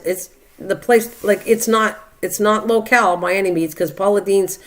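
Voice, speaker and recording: Rambling, chatty older woman. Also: fairly low pitch. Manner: rambling, chatty, reads viewer comments aloud and answers them. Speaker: live stream host. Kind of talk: casual chat.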